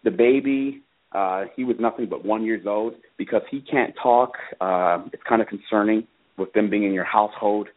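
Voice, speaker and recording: A man with a fairly low voice calls in over a thin, tinny phone line. He speaks earnestly and haltingly, with plenty of ums and uhs, as he recounts what happened to him. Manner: earnest, halting, many fillers. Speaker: father calling in about his case. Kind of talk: personal account on a call-in radio show.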